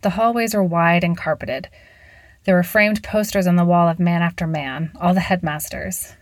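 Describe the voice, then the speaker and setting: A woman narrating a story in an even, measured reading. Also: fairly low pitch, no echo.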